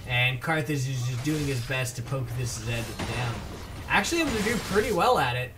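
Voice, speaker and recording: Speaking over music at a normal speed, this medium-pitched man commentates a video game match solo with an animated delivery. The esports shoutcaster keeps things casual and rambling, often stumbling when he says player names.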